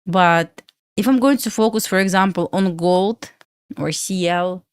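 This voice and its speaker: A woman's voice: lowish voice, unhurried, clean tone, dry recording, clean studio sound. A young woman from Belarus with a Russian accent, hosting a casual trading livestream and answering questions from chat with lots of fillers.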